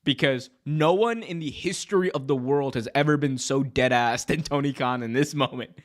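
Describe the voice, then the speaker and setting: Brief: a male wrestling podcast host riffing casually, excitable and slangy, at a mid-range pitch. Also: moderate pace. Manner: excitable, jokey, lots of slang and reactions. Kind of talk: casual livestream commentary.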